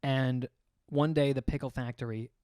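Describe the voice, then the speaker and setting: A man's voice: mid-range voice, steady tone, moderate pace, darkish tone, no room sound, clean studio sound. A young man co-hosting a casual podcast, telling crude jokes with lots of swearing and laughing at his own punchlines. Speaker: podcast co-host. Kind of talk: casual joke-telling chat.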